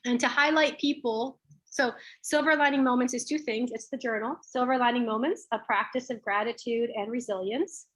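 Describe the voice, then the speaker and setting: A woman's voice: a little high, moderate pace, a bit bright. A woman guest on a video call, telling personal stories in an earnest, reflective way with some fillers. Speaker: lawyer and guest. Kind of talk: personal storytelling in an interview.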